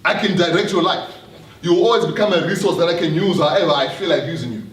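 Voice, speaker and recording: A man's voice: on the high side, fast talker. Earnest man speaking to a hall. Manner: earnest, repeats words, asks the audience questions. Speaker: speaker addressing an audience. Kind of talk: live motivational talk. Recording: roomy hall, distant mic, faint noise.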